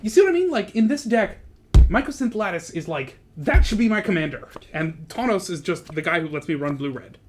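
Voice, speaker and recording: Brief: male stream host, casual card-game chat, excitable, quick laughs, a higher voice with a faint hum of noise behind. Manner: excitable, laughs often, swears.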